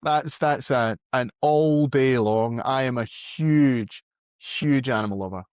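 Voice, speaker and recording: A man's voice: mid-range voice, slow pace, smooth, dry recording. A man, a podcast guest, talking cheerfully and laughing at himself. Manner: cheerful, self-mocking, laughs often. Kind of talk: casual podcast chat. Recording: slightly dull, dry sound.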